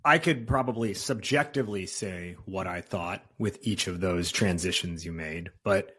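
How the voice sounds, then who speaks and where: Husky low-voiced male podcast host. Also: moderate pace, a bit bright. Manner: casual, restarts phrases while asking questions. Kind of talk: conversational interview.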